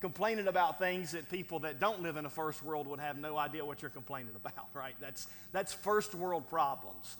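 A high-pitched male pastor delivers a sermon in an easygoing, conversational way, tossing in "right?" and little chuckles between points. His voice rings out with a long reverb, as if in a large church hall. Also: normal speed, hardly any pauses, fairly bright tone. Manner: conversational preaching with frequent "right?" asides and chuckles.

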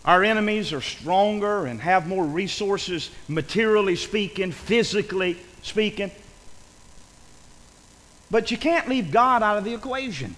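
A man preaching a fervent sermon, often shouting and repeating phrases for emphasis. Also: high voice, expressive, moderate pace, long reverb tail, poor audio.

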